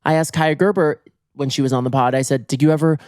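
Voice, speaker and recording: A man hosting a podcast in a comic monologue, theatrical and swinging his pitch for emphasis, slightly hoarse from being sick, recorded in bed at home. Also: fairly even intonation, fast, darkish tone, dry recording, studio quality. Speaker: podcast host.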